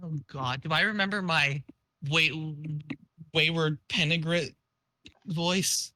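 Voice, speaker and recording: A man's voice: a little high, fairly even intonation, slow pace, bright, forceful tone. A man chatting casually with friends on a live stream, joking, rambling and laughing often. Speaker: friend reading along.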